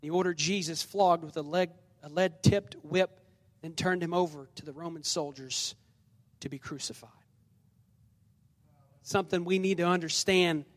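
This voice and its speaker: A man's voice: a little high, steady tone, normal speed, pauses often. A man preaching a sermon as pastor, leading the congregation in responses and reading scripture dramatically in a church. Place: church sanctuary. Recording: long reverb of a large hall.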